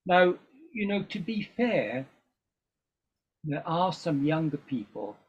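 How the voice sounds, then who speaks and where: A man's voice: on the high side, big pitch swings, takes it slowly, husky. An older man chatting as a guest in an interview, talking in a rambling way with frequent ums and restarts. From England. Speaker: guest musician. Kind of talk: casual interview chat. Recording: dull lo-fi recording.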